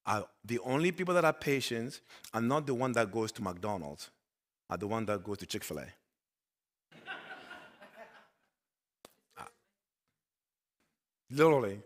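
A male pastor preaching a sermon, swinging between loud emphatic bursts and quiet low asides. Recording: long hall reverb.

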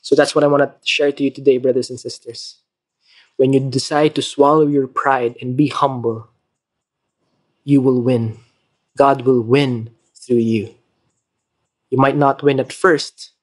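A man with a Filipino accent giving a short devotional talk, earnest in tone, then leading a prayer. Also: mid-range voice. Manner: animated storytelling, acting out the argument; earnest, soft-spoken when praying. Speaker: preacher.

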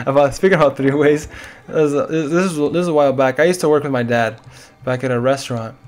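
A man's voice: mid-range voice, steady tone, brisk. A tired young man rambling through casual gameplay commentary, with lots of "like" and side stories. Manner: rambling, chatty, frequent "like". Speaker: let's play gamer.

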